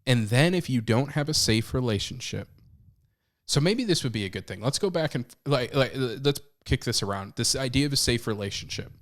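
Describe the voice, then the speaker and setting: Candid, animated man on a podcast. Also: mid-range voice, normal speed. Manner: candid and animated, shifting between loud and hushed. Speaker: podcast co-host. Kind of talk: casual chat.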